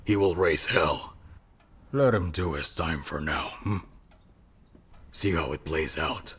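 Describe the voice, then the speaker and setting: A man's voice: very deep voice, slow, husky, heavily acted. An actor dubbing a ruthless rich businessman father who gives curt, commanding orders. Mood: cold. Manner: curt, commanding, then shouting.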